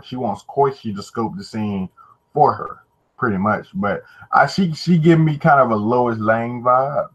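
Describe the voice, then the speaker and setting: A man's voice: lowish voice, a bit bright. A man giving a casual, slangy spoken review, loose and profane, with lots of filler words. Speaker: manga reviewer. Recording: dull lo-fi recording.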